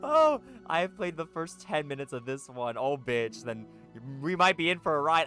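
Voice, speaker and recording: A game streamer reading a story's narration aloud during a live playthrough, excitable and profane, breaking off into laughter and running commentary. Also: mid-range voice, moderate pace, few pauses, clean tone, faint music behind.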